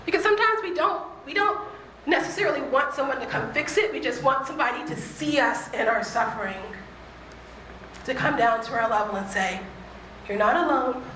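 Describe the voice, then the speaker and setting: A woman giving a reflective faith talk, earnest and conversational, slowing down to stress key points. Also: high voice, animated, sharp tone, a little hiss or hum. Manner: earnest, conversational, slows for emphasis. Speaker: speaker. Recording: echoey room with faint ambience.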